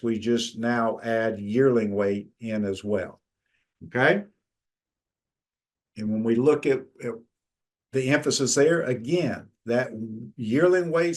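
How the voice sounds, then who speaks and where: A middle-aged man presents a talk from his slides. His pitch sits in the middle of the male range, and his delivery is plain and conversational, with restarts and filler words. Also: darkish tone. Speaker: extension lecturer.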